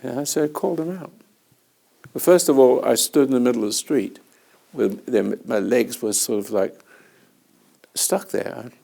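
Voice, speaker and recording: A man with a gravelly, dark, mellow voice tells long, rambling anecdotes in conversation. He chuckles now and then as he goes. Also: mid-range voice, normal speed, long pauses. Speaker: host and spiritual teacher. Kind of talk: storytelling in conversation.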